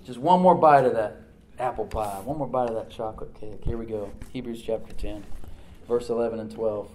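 A male pastor preaching a sermon, swinging from loud emphatic lines to hushed near-whispers. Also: mid-range voice, fairly quick, reverberant, low-quality recording. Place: church sanctuary.

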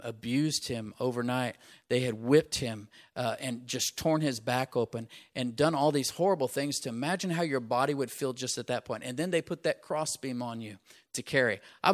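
A male pastor preaching a sermon, asking the congregation to repeat phrases and punching his key lines. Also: mid-range voice. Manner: call-and-response asides, punches key phrases.

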